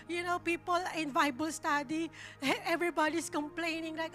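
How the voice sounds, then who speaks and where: Woman minister, very high and bright tone, halting heartfelt sermon delivery. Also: steady tone, faint music behind. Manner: halting, repeats and restarts words; earnest, emotional. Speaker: church minister. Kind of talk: testimony sermon.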